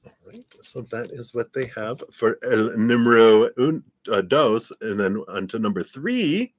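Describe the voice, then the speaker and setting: A man's voice: medium pitch, lively intonation, a little slow, dry recording. A man giving a live-stream tarot reading in a laid-back, rambling way, often laughing and trailing off. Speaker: tarot reader.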